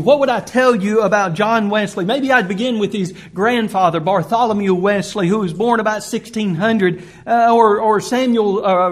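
High-pitched preacher man delivering a sermon. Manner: earnest preaching with emphatic rises and slow stressed phrases.

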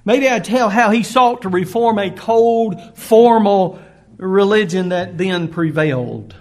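A man preaching a sermon, earnest and emphatic, rising on questions and slowing to stress key phrases. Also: high voice, darkish tone.

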